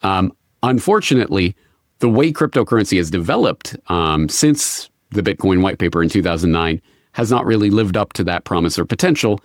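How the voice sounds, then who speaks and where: A middle-aged man from North America answering interview questions in a measured way, often restarting his phrases. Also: low-pitched, expressive, no room sound. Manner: measured, restarts phrases, occasional dry laugh. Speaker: interview guest.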